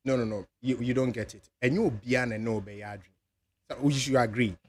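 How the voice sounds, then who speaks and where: A man's voice: medium pitch, a little fast. A man with a Ghanaian accent hosting a radio talk show, arguing his point steadily in English and Twi. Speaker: radio host. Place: radio studio.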